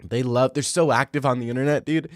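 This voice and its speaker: A man's voice: medium pitch, steady tone, fast, no echo, clean studio sound. A young man streaming, reading live comments in joking, rambling casual chat.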